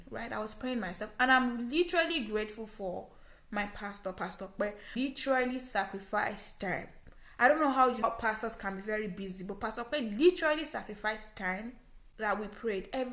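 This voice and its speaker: A young woman with a Nigerian English accent and a bright, forceful voice tells her own story straight to camera. She is earnest and emphatic and repeats phrases to drive points home. The sound bounces around a small echoey room. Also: a little high. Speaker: vlogger.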